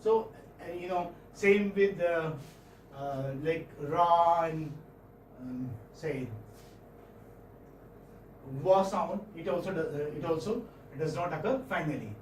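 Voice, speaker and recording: A man with an Indian English accent giving a classroom phonetics lecture, halting and often checking in with students. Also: a little high, slight background noise. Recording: roomy classroom audio from far off.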